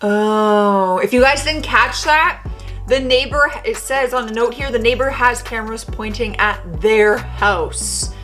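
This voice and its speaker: Speaking at a measured pace in a voice on the high side, a young woman from Canada reacts to content from her bedroom while soft music plays. She keeps up lively, chatty commentary sprinkled with sassy remarks.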